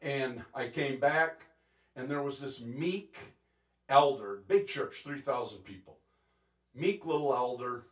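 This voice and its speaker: A man preaching a sermon as pastor, intense and animated, acting out quotes and laughing between points. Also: mid-range voice, takes it slowly, reverberant. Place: church sanctuary.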